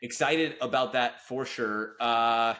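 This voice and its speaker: A man chatting on a film podcast in a bright, forceful voice with a mid-range pitch. He talks with eager enthusiasm and wanders off into tangents as he goes. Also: expressive, moderate pace. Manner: enthusiastic, rambling, full of asides. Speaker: podcast co-host. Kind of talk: casual podcast chat.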